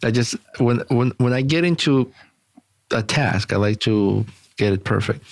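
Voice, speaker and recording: A man's voice: medium pitch, unhurried, gravelly, no echo. A middle-aged American man co-hosting a podcast, teasing and cracking jokes in casual chat. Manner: teasing, jokey, interrupts with quips. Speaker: podcast co-host.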